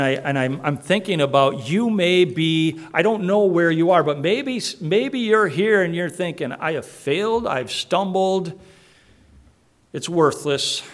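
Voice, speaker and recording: A man's voice: a little high, a little slow, few pauses. A man preaching a conversational sermon, with frequent restarts and asides to the congregation. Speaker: pastor.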